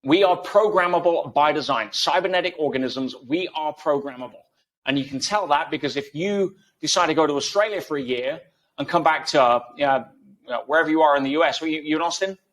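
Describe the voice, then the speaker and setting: A man's voice: on the high side, fairly quick, a bit bright. Emphatic man explaining by analogy. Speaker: interview guest. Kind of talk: conversational interview.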